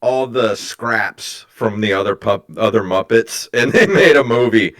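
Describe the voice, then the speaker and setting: A man chatting as a podcast guest, candid and quick to laugh. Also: lowish voice, a bit bright. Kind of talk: casual chat.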